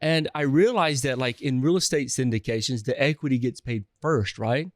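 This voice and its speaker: A man with a Southern accent, a real estate investor telling stories in a casual interview, energetic and rambling with many restarts. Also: mid-range voice, moderate pace, dry recording.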